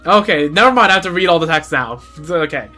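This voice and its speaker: A male streamer talks casually over his game, poking fun at himself and tripping over his words. His voice sits a bit high for a man. Faint game music plays underneath. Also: lively intonation, fast talker, bright, forceful tone. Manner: chatty, self-deprecating, stammering restarts. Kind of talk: casual gaming commentary.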